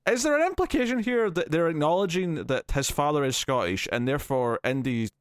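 A man's voice: fairly high pitch, expressive, brisk, clear, resonant tone, no echo, studio quality. Man chatting dryly about films. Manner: rambling, hesitant, with frequent fillers and restarts. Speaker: podcast co-host. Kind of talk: casual film review chat.

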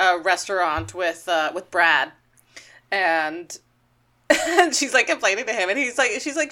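A woman casually recapping a cartoon episode on a podcast, chatty with quick asides. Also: medium pitch, sharp tone. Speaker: podcast co-host.

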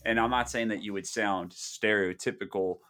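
A man in his thirties with a softened Philadelphia-area accent, chatting on a podcast in a blunt, profane, joking way. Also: lowish voice, steady tone, moderate pace. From Delaware County, Pennsylvania. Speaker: podcast co-host. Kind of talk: casual podcast chat.

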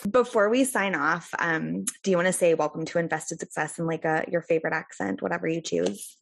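Brief: middle-aged woman host, fry-edged low voice, gushing and upbeat. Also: a little fast, dry recording. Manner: enthusiastic, effusive praise. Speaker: podcast host. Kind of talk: casual interview chat.

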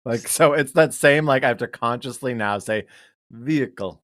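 An animated man co-hosts a casual podcast, telling stories with plenty of swearing and acted-out quotes. His voice sits at a middle pitch, recorded close and dry with no room sound. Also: moderate pace, no room sound. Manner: animated storyteller who swears, acts out dialogue. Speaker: podcast co-host. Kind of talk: casual chat.

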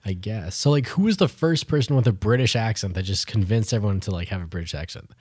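Man, podcast co-host, animated voice, playful casual chat, dry sound. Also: on the low side, quick pace, husky, dry recording.

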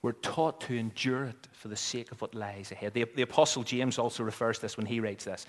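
A man preaching a sermon, swinging between loud emphatic lines and near whispers. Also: mid-range voice, normal speed, in a large hall. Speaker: pastor.

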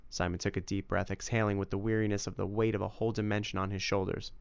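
A man narrating an adventure story as an audiobook, in an even storytelling manner. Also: lowish voice, quick pace, vocal fry, hardly any pauses, clear, resonant tone, dry recording. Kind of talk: scripted narration.

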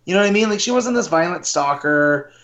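A man's voice: sits high, expressive, brisk, fairly bright tone. A man co-hosting a casual film review chat, talking in a laid-back way. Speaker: podcast co-host.

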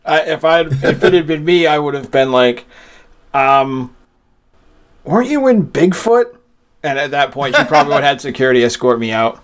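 A man's voice: mid-range voice, fairly even intonation, brisk, fairly bright tone, smooth. A man co-hosting a podcast in casual chat, joking and laughing often. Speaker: podcast co-host.

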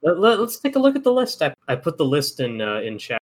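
A man's voice: a little high, huge pitch swings, a little fast. A man podcast co-host in casual chat, amused, reading items off a list.

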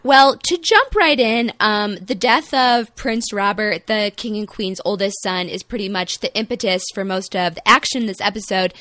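A woman's voice: mid-range voice, normal speed, few pauses, no echo. Young woman, Midwestern American accent, chatty podcast co-host, dry close sound. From Midwestern United States. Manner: chatty, self-deprecating, animated. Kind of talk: casual podcast discussion.

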